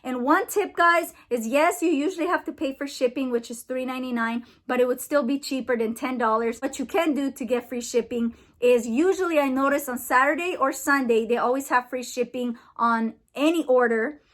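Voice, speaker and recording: A woman vlogging casually, talking herself through her nerves in a chatty, excitable way. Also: sits high, moderate pace, hardly any pauses. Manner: nervous, chatty, self-encouraging. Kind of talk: casual vlog.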